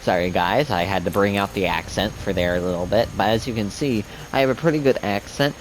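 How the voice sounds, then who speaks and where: A man's voice: lowish voice, a little fast, background noise. A young man giving casual gameplay commentary as a streamer, chatty and rambling. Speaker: gaming streamer.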